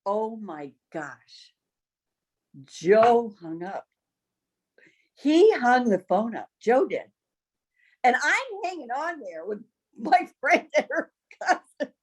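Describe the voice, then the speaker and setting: A woman tells a story in a casual, chatty way. Her voice sits a bit high and swoops up and down a lot. She laughs often and slips into the voices of the people she quotes. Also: big pitch swings, slow, long pauses, slightly rough. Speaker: guest sharing her business story.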